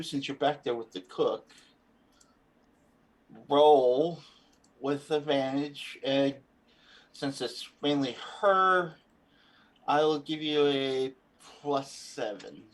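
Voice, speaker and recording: A man with a slightly high voice serves as game master for a tabletop game, describing scenes in halting phrases filled with fillers.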